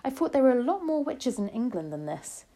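A woman voicing a calm, loving old grandmother who speaks in a soft whisper, in a storybook reading. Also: high-pitched, brisk, voice pushed up, heavily acted. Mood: hushed. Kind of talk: storybook read-aloud.

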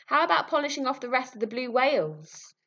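A man's voice: very high voice, big pitch swings, fairly quick, gravelly, pushed and bright, muffled recording, voice pushed up, heavily acted. A woman reading a storybook aloud, voicing a bluff, bloodthirsty bearded hunter. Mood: gruff.

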